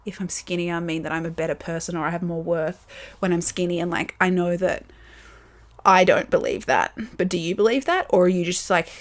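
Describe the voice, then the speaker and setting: A woman's voice: lowish voice, fairly quick. A young Australian woman hosting a solo podcast, talking candidly and casually with lots of fillers and the odd swear word. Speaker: podcast host. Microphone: camera with built-in mic.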